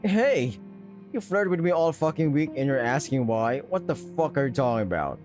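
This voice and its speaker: A man's voice: on the high side, animated, moderate pace, faint music behind, lightly acted. A man playing a furious lovesick animal guy. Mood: angry pleading. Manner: heated, shouting confrontation. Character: young male furry animal, lovesick and angry.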